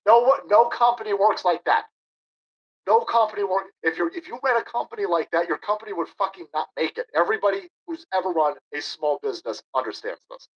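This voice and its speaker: Man, ranting streamer, profane and mocking, swinging pitch, muffled lo-fi sound. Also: lively intonation, brisk, husky. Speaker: streamer commenting on a video clip. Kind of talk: ranting reaction commentary.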